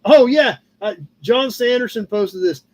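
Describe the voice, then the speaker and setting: His voice sits at an extremely high pitch, and he keeps a measured pace. He's a Midwestern American host of a live car-hobby chat show, set in a home room with a cat nearby, rambling easily through viewer posts with many fillers and greeting people by name.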